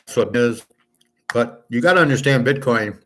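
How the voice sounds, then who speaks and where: Loud, blunt male livestream host. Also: mid-range voice, expressive, normal speed, slight background noise. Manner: talks loud and clear on purpose; blunt, opinionated, rambling, swears. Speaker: sports handicapping show host. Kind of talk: casual livestream chat with viewers.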